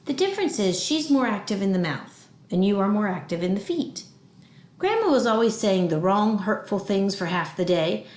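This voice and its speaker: A patient, understanding mother talking things through calmly, as a woman reader voices her. Her voice stays near the reader's own mid pitch. It rings in an echoey room. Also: moderate pace, close to an everyday voice. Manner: calm, explaining.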